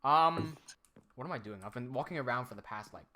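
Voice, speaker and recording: Streamer, male, bright and forceful, loose rambling chat, desk mic. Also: mid-range voice, brisk. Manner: relaxed, rambling, reads chat aloud.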